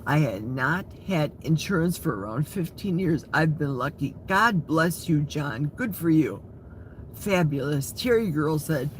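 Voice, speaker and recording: A man's voice: a little high, animated, unhurried, a little hiss or hum. A man in his sixties from Wisconsin, hosting a live chat and reading viewer comments aloud. He talks straight to his viewers and laughs often. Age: 60s. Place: outdoors in a forest.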